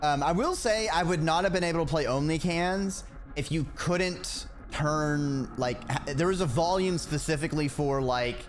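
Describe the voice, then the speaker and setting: A man's voice: a little high, normal speed, slight background noise. A man streaming a video game, chatting casually and playfully, muttering to himself as he plays. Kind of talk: casual gameplay chat.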